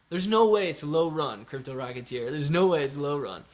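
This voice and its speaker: A man hosting a casual live stream, chatty and excitable, talking straight to his viewers. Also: on the high side, a little fast, hardly any pauses. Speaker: livestream host.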